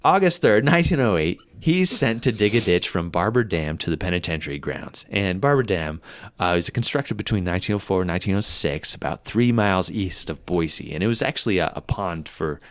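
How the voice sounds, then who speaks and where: A man co-hosting a podcast, telling a history story in a casual, animated way and often laughing. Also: low voice, fairly quick, dry recording. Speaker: podcast co-host.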